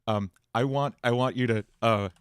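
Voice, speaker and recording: A man's voice: medium pitch, moderate pace, smooth, dry recording. A man chatting casually on a livestream as a streamer and musician, in a rambling, jokey way with frequent restarts.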